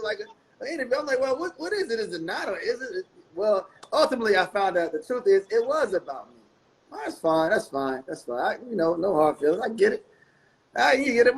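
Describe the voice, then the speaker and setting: A middle-aged man, a guest musician telling stories in a casual interview, laid-back and quick to laugh. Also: high-pitched, poor audio. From North Carolina. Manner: laid-back, laughs often, repeats phrases.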